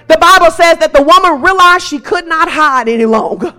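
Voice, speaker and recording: Woman pastor, high lively voice, fiery church sermon with faint music behind. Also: fairly quick, few pauses. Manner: impassioned, rising to shouts, repetitive.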